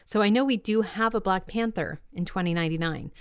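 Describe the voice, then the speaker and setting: A woman from New York's Hudson Valley co-hosting a podcast, bubbly and excitable while she reads listener mail. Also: medium pitch, fairly quick, clear, resonant tone. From Hudson Valley, New York. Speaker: podcast co-host. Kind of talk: casual podcast chat.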